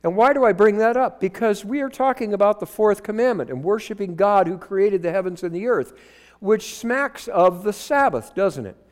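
A man preaching a sermon into a microphone, his high voice leaping up and down as he fires rhetorical questions at the congregation. The sound rings with a long hall reverb. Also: animated, normal speed, darkish tone. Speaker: pastor.

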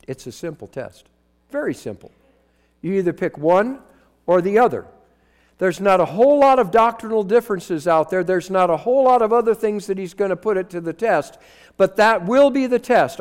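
A man preaching a sermon into a microphone, his high voice leaping up and down as he fires rhetorical questions at the congregation. The sound rings with a long hall reverb. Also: darkish tone. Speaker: pastor.

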